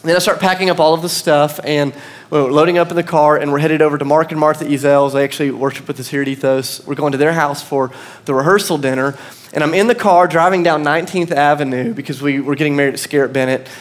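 A man's voice: a little high, fairly even intonation, fast. A man in his thirties with an American accent, preaching a sermon as pastor and telling a story with self-deprecating humor.

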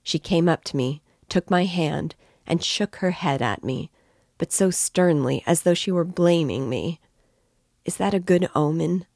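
A woman's voice: on the low side, a little slow, creaky, darkish tone, no room sound. Anxious, fluttering middle-aged mother read by a woman, fretful and tearful, in a dry close voice.

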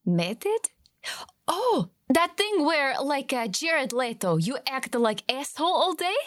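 A woman's voice: sits high, very animated, slow, a bit bright, no room sound, full character voice. An actress playing a dry, skeptical woman who speaks broken English, dropping articles. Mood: sarcastic. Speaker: comedy sketch character. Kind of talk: comedic sketch acting.

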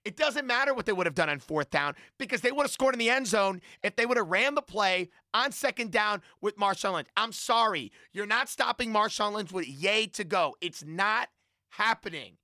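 An emphatic man on a sports panel who drives his point home again and again. His voice is bright and lively, leaping up and down in pitch, and the sound is close and dry. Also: moderate pace, no room sound. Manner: emphatic, repetitive, argumentative. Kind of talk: heated sports debate.

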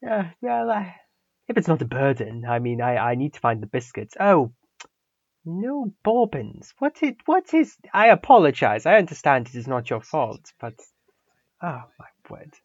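A man voicing a fussy, prim gentleman who is polite, easily flustered, stammers and mutters to himself, in a tabletop game. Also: a little high, sing-song, normal speed, dry recording. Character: fussy, prim adult male English gentleman. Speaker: player voicing his character. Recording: dull, lo-fi mic.

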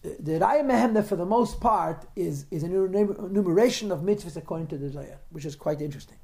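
A man's voice: high voice, fast talker, vocal fry, darkish tone. A man teaching a class on a religious text, posing rhetorical questions to his students and answering their remarks. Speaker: Torah teacher.

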